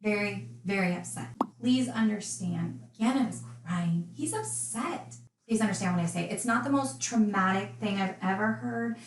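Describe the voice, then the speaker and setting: A woman's voice: medium pitch, moderate pace, reverberant, slight background noise, low-quality recording. A woman casually recounting a true crime case, chatty and indignant in her asides.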